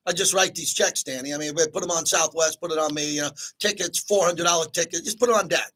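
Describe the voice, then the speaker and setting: A man's voice: fairly high pitch, fairly even intonation, fast talker, a bit bright, low-quality recording. A middle-aged man hosting a sports talk radio show, chatty and upbeat, thanking callers and reading sponsor spots.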